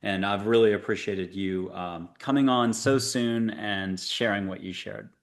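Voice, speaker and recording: A man hosts a spiritual talk show, leading guests and listeners through breathing and visualizations. He is playful and coaxing, slipping in dad jokes between calm guidance. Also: on the low side, a little slow, gravelly. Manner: playful, jokey, coaxing guide. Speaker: show host. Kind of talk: guided meditation talk show.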